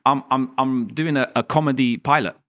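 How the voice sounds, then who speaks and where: A man, a guest at a live podcast event, telling stories in lively, slangy chat. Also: mid-range voice, no room sound, clean studio sound. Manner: animated storyteller, slangy, fast chatter. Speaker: guest, dentist. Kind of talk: casual live interview chat.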